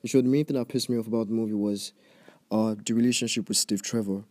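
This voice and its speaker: A man's voice: on the low side, fairly even intonation, fast talker, a little mellow, no room sound, clean studio sound. A young man with a Nigerian accent in a profane, heated rant, speaking straight at the listener as a casual movie reviewer. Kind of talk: ranting casual commentary.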